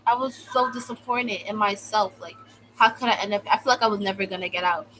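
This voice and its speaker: Young adult woman, US-born vlogger, casual storytime rant, sarcastic and dramatic, full of "like", crisp bright tone. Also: mid-range voice, brisk, slight background noise, rough recording. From United States. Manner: exaggerated, sarcastic, fills speech with "like". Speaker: vlogger telling a personal story.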